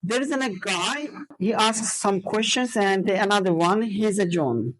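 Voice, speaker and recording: A woman's voice: mid-range voice, animated, moderate pace, low-quality recording. A woman teacher trainer running a classroom lesson, drilling students with questions and counting out word stress. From Azerbaijan.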